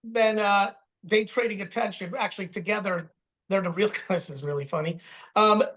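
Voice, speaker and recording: A man with a high-pitched, fairly bright voice speaks at a moderate pace as a guest speaker answering questions over a video call. He tells a business story with emphatic, profane energy while getting stitches.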